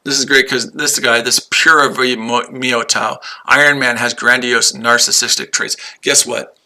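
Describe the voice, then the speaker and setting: With a steady tone at a moderate pace, a male livestream host speaks directly to viewers in chat. His medium-pitched voice is very bright and sharp-edged, and he curses, argues and keeps repeating the same lines.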